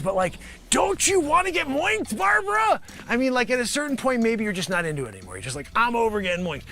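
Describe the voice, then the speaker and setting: Animated high-voiced male improv comic. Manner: animated, wisecracking, swings loud and soft. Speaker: comedy show host. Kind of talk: improvised comedy pitch bit.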